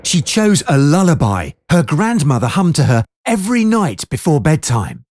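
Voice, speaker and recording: A storyteller reading a children's story aloud in an expressive way. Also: mid-range voice, normal speed, no room sound, studio quality. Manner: lively, expressive.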